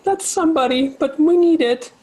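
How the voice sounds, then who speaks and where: A woman's voice: high-pitched, normal speed, a little mellow, a little hiss or hum, pitched above the performer's own voice, close to an everyday voice. Lulu, a timid little trunked creature, as a man puts her on. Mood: hesitant. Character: small timid fluttering female creature with a trunk.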